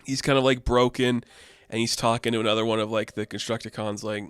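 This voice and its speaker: Male reviewer, casual and rambling, mid-pitched, with faint music behind. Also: steady tone, fairly quick, clean tone, no room sound. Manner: rambling, many "like" fillers. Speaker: comic book reviewer.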